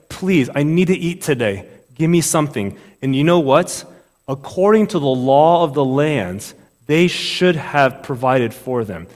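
Animated male preacher in a reverberant hall. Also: on the high side. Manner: animated, conversational, asks rhetorical questions. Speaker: pastor. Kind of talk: sermon.

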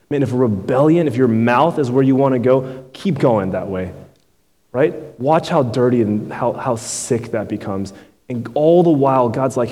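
A man's voice: mid-range voice, normal speed, dark tone. Man preaching casually in a reverberant hall. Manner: conversational preaching, keeps tagging "right?" and "man". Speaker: pastor. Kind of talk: sermon.

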